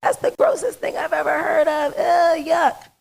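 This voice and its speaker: A woman's voice: very high voice, animated, normal speed, creaky, pitched above the performer's own voice, full character voice. A woman voicing herself as a small girl squealing in disgust.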